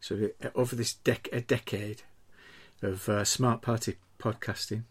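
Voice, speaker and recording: Halting man asking a question. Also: lowish voice, fairly even intonation, breathy edge. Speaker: podcast co-host. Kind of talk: casual podcast discussion.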